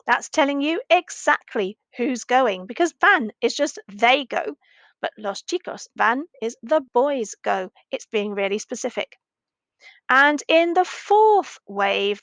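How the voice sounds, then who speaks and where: A woman teacher gives a recorded video lesson for children in a slightly high, unhurried voice. She repeats each sentence slowly and clearly. The recording is dry and close. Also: animated, a bit bright, no room sound. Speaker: primary language teacher.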